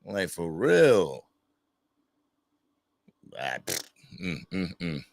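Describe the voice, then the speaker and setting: A man's voice: low voice, drawn-out words, gravelly, dry recording. A man hosting an unscripted fan livestream, talking casually and greeting viewers from the chat. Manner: casual, animated, reads chat names aloud. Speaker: livestream host.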